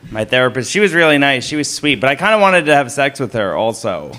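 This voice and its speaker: A man in his thirties doing a stand-up comedy set in a club, with a self-deprecating, deadpan delivery. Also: medium pitch, fast. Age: 30s. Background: audience laughter.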